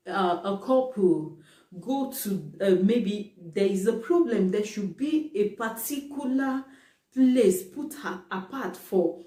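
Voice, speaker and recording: Mellow-voiced woman, roomy and distant. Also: a little high. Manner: emphatic, repeats points for stress. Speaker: vlogger. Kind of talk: casual talk to camera.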